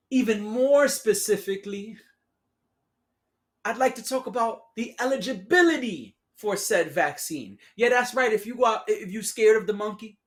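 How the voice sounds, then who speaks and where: A podcast host talking alone in a casual, sarcastic way, using slang, calling listeners "y'all" and laughing at their own remarks. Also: medium pitch. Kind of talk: solo casual podcast commentary.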